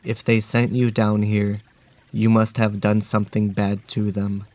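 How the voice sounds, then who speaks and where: A man voicing a huge menacing talking wolf, delivering threats in a flat, measured way. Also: lowish voice, natural voice.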